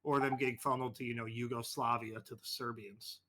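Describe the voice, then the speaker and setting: A man's voice: mid-range voice, little pitch movement, fairly quick, sharp tone. A man running a tabletop game over a voice call, narrating casually and swearing freely. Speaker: game master.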